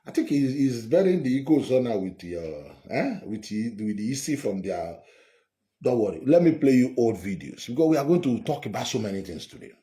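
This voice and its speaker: A man's voice: medium pitch, brisk, roomy sound. A man hosting a heated political monologue online, scolding and mocking with many repetitions. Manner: animated, scolding, mocking, repeats himself.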